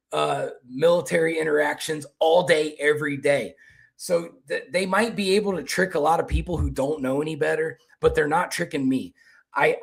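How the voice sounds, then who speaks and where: A man's voice: on the high side, creaky, husky. A man with a Kentucky accent hosting casual political commentary, rambling and restarting his words as he talks.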